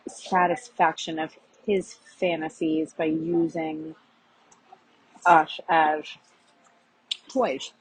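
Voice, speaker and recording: Very husky low-voiced woman, confessional. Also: low-quality recording. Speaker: podcast host. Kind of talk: confessional monologue.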